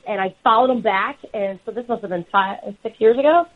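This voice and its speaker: A woman guest chatting casually on a podcast, laughing often and telling lively stories. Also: medium pitch, a little fast. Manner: laughing, animated storyteller. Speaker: podcast guest, football reporter. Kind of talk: casual chat. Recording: dull lo-fi sound.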